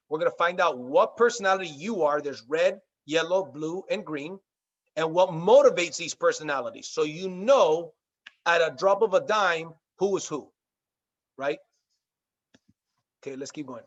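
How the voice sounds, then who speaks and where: High-voiced man coaching sales invites. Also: lo-fi sound. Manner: direct, coaching, acts out sample phone invites. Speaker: sales trainer. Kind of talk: recorded business training talk.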